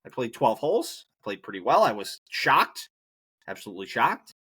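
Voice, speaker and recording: A man's voice: medium pitch, big pitch swings, moderate pace, sharp tone, husky. A man hosting a solo podcast, rambling casually and breaking into profane rants. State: injured knee, hobbling. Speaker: podcast host.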